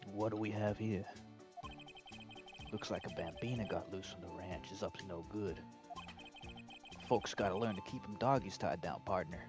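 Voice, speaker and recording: A man voicing a swaggering cowboy lawman with a low, gruff drawl in a game playthrough. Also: normal speed, long pauses, over music, close to an everyday voice. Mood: menacing drawl.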